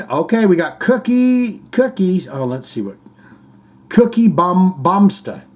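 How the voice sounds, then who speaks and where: A man hosting a casual livestream podcast, reading viewer comments aloud in a rambling, joking way with the odd swear. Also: a little high.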